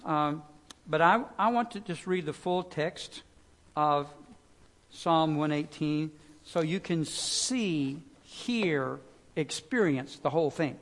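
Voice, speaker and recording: A man preaching a sermon, alternating loud pleading phrases with quiet, low emphasis, in a conversational way with fillers and restarts. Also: expressive, takes it slowly. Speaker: pastor.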